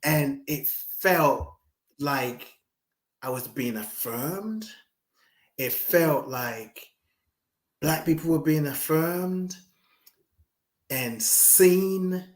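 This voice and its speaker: A man guest talking reflectively in a conversation, expressive and animated, slipping into emotional stories. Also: on the high side, extremely slow, pauses often, echoey room.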